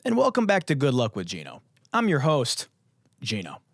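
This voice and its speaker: A young man hosting a casual solo podcast, hoarse with his voice mostly gone, rambling and swearing in a jokey way. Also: on the high side, huge pitch swings, brisk, dry recording, studio quality. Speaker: podcast host.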